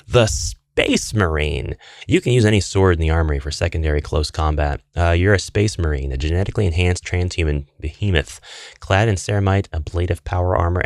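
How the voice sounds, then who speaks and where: A man's voice: sits low, no echo, clean studio sound. A man hosting a fantasy gaming channel, paging through a guidebook in a chatty way and reading passages aloud. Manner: chatty, reads passages aloud, restarts phrases. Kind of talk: casual book walkthrough.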